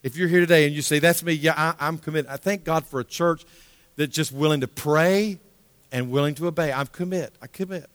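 A man preaching a sermon as a pastor, emphatic, repeating key phrases and dropping to a hushed tone in prayer. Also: on the high side, brisk, no echo, big-room sound.

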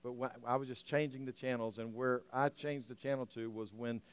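A man preaching a sermon, telling a story with animated, emotional swells and frequent restarts. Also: medium pitch, fairly quick, clear, resonant tone, no echo. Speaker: pastor.

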